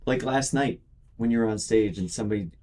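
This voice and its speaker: A man's voice: lowish voice, brisk, dark tone, a little hiss or hum. A man who is a comedian, chatting as a podcast guest and asking short, curious questions. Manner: supportive, asks short questions, agrees a lot. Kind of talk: casual chat.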